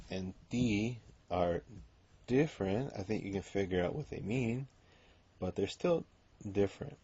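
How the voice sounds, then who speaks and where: Deep, slow-talking man teaching grammar. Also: mellow, husky, muffled recording. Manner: explains step by step, with many ums and okays. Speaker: Spanish teacher. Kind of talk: recorded grammar lecture.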